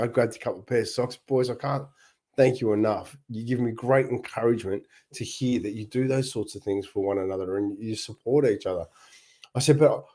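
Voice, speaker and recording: Upbeat Australian man telling stories, husky voice. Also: medium pitch, a little mellow. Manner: upbeat storytelling with frequent laughs and restarts. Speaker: not-for-profit founder and livestream host. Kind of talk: casual livestream monologue.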